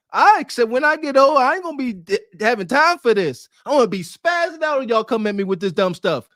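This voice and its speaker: A man's voice: very high-pitched, big pitch swings, a little fast, hardly any pauses, a bit bright, no room sound, clean studio sound. A man co-hosting a podcast, giving mocking, preachy reaction commentary. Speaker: podcast co-host.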